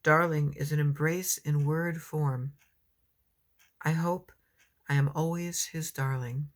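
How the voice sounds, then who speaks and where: Middle-aged woman poet, casual and rambling, reads her verse slowly and softly at home. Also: low voice, steady tone. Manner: chatty and rambling between poems, reads slowly and tenderly. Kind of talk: casual chat and reading her own poems aloud.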